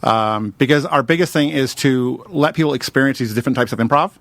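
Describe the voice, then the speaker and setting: A man's voice: medium pitch, fairly quick, a bit bright, no echo. A man guesting on a talk radio show, talking in a rambling, upbeat way with lots of fillers about improv and puppets. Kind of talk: casual radio interview.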